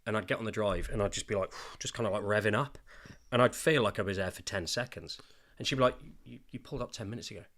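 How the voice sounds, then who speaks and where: A man's voice: lowish voice, fast talker, hardly any pauses, a bit bright. A man, a father co-hosting a podcast, telling his story openly and emotionally with some swearing. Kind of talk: candid podcast chat.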